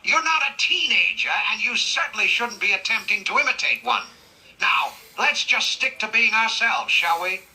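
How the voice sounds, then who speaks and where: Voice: medium pitch, expressive, normal speed, sharp tone, rough recording. A synthetic voice playing a proud middle-aged male cartoon detective who complains in a huffy, exasperated way. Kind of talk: AI character chat role-play.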